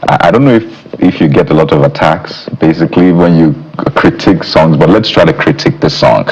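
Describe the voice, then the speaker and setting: A man hosting a TV morning show, his voice extremely deep. He pushes his guest with questions and often restarts mid-sentence. The sound is dull and lo-fi. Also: brisk, darkish tone, slight background noise. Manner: probing questions, hesitant restarts. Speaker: show host. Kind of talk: studio discussion. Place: television studio.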